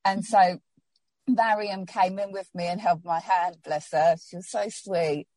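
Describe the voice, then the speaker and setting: A woman's voice: fairly low pitch, steady tone, a little slow, dark tone, no echo. A woman telling her personal story in an interview, heartfelt and rambling with many restarts, getting emotional.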